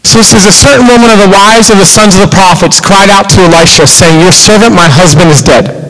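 A man's voice: sits high, fairly quick, fairly bright tone, low-quality recording. A man preaching as a youth pastor at a church youth service. He speaks earnestly and straight to the teens, repeating his phrases for emphasis. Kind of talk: sermon. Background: worship keyboard pad.

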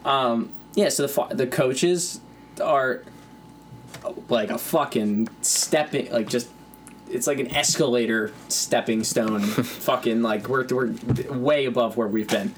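Brief: young male podcast co-host, rambling and profane, mid pitch, faint noise behind. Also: slow. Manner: rambling, swears freely, laughs often. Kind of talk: casual chat.

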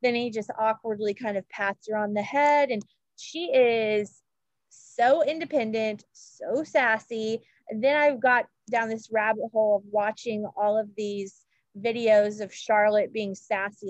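A woman's voice: a little high, fairly even intonation, measured pace, dry recording, lo-fi sound. A woman co-hosting a podcast, chatting in a gushing way with lots of fillers and restarts. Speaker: podcast co-host. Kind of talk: casual chat about royal news.

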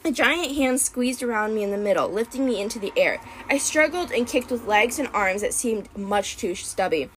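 Expressive woman reading a storybook. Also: on the high side, moderate pace, few pauses, a little hiss or hum. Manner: expressive, dramatic. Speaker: audiobook narrator. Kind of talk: first-person storybook narration.

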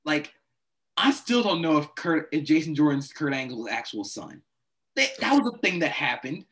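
A man's voice: on the high side, big pitch swings, normal speed, a bit bright. Exasperated man ranting about wrestling. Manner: exasperated, acts out his reactions. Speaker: podcast co-host. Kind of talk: casual wrestling chat.

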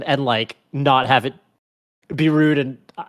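Guy cohosting a podcast, casual and rambly, lots of ums and restarts, mid pitched. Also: fairly even intonation, a little slow. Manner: rambling, full of fillers and restarts. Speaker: podcast co-host. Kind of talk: casual chat.

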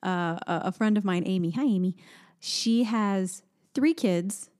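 Chatty thirties woman on a podcast, animated storytelling, does little quote voices, kinda sleepy. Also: medium pitch, unhurried. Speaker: podcast co-host and mother. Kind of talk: casual chat.

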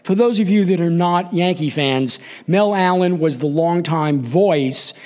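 A man's voice: a little high, unhurried. A man in his sixties from New York, hosting a live storytelling show and acting out the voices in his own story. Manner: animated, acts out quoted voices.

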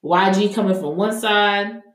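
A woman's voice: medium pitch, a little slow. A young adult woman co-hosting a casual podcast, talking emphatically and heatedly with many fillers. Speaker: podcast co-host. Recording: echoey room.

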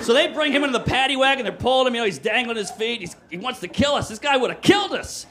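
Podcast host, man, middle-aged, New Orleans area; very high voice, animated, yells and acts out voices; noisy recording. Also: fast. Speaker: podcast host telling a story. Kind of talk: animated comedic storytelling. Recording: noisy background hiss.

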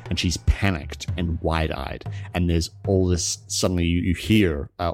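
Deep-voiced man running a tabletop game. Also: a little mellow. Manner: halting, filler-heavy storytelling. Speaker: game master.

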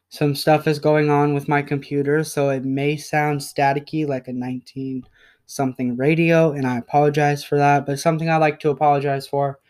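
A young man speaks alone on his podcast, apologizing in a halting way with frequent pauses and ums. His voice is smooth and clear but stays level in pitch, and he sounds emotional as he talks. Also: darkish tone. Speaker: podcast host.

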